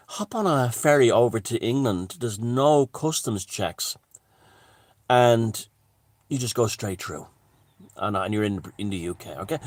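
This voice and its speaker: A man's voice: mid-range voice, dry recording, clean studio sound. A man giving a heated, rambling political monologue, swearing and restarting his sentences. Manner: heated, profane, full of restarts and asides. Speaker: commentator.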